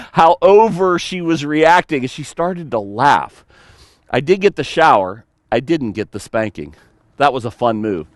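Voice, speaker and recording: A man preaching a sermon as pastor, animated, telling stories and slipping into playful mock voices. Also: a little high, no room sound, studio quality.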